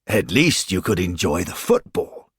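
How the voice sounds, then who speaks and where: A man's voice: low voice, sing-song, a little slow, breathy edge, no room sound, clean studio sound, heavily acted. A man voicing an earnest male football fan ghost who talks in a mildly alarmed way.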